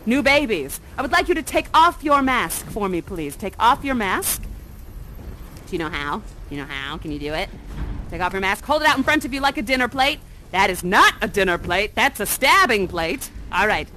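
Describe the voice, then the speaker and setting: A woman's voice: medium pitch, sing-song, moderate pace, sharp tone, slight background noise, low-quality recording. A woman actor guiding an audience through an interactive performance, talking in a playful, silly and theatrically dramatic way into a headset mic.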